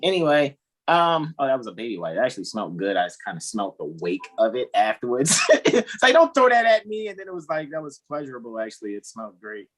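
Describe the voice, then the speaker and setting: A man's voice: mid-range voice, sing-song, quick pace. A man hosting a casual group video call, joking around, laughing often and drifting into rambling asides. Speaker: host.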